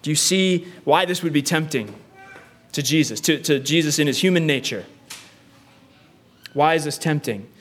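A man's voice: fairly high pitch, normal speed, long pauses, a bit bright. A man preaching a sermon earnestly, using repetition and rhetorical questions. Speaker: pastor.

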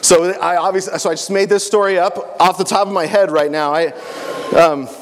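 A man's voice: sits high, steady tone, moderate pace. A man animatedly retelling a story with jokes for a young audience. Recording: long hall reverb.

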